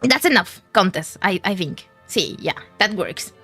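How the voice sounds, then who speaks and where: A woman's voice: mid-range voice, animated, measured pace, bright, forceful tone, husky, soft background music. A woman VTuber chatting casually with her stream chat in a rambling, giggly way, often restarting her words, at a desk mic.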